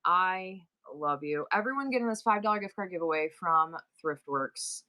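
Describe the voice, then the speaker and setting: A woman's voice: on the low side, expressive, normal speed, pushed and bright. A middle-aged woman with a New York accent, hosting a live selling stream and chatting playfully with her viewers. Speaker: livestream seller.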